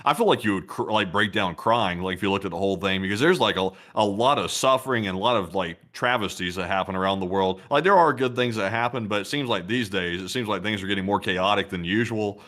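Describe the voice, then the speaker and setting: Lower-voiced man, halting and thoughtful. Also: a bit bright. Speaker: co-host. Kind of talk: casual livestream banter.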